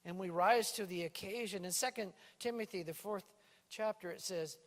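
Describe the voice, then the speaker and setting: A male pastor preaching a sermon in a church, lively and playful, with a stage microphone. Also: high voice, moderate pace. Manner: lively preaching with playful put-on island lilt. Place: church sanctuary. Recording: reverberant church hall.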